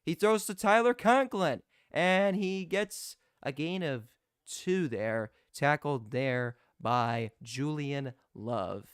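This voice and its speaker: A young man giving live play-by-play as a fan commentator, excitable and prone to restarting his sentences. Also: fairly high pitch, takes it slowly, few pauses, clear, resonant tone, dry recording, clean studio sound. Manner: excitable, shouts in disbelief, repeats and restarts.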